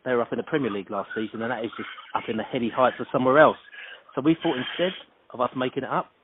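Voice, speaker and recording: A man's voice: medium pitch, very fast. A man from London hosting a podcast, joking and bantering as he interviews a guest. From London, England. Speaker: podcast host. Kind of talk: casual interview. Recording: tinny phone-like sound with faint noise.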